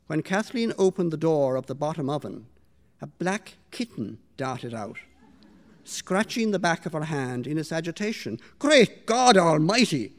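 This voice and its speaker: Male author, measured literary reading voice, a touch high; stage reading. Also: big pitch swings. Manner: measured, quiet storytelling. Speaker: author reading his own story. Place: stage before a live audience.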